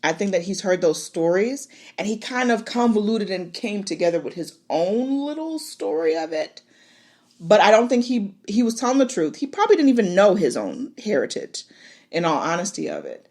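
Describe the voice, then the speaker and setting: A woman hosting a podcast, recapping an episode in a casual, animated way, laughing and exclaiming as she goes. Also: medium pitch, moderate pace. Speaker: podcast host.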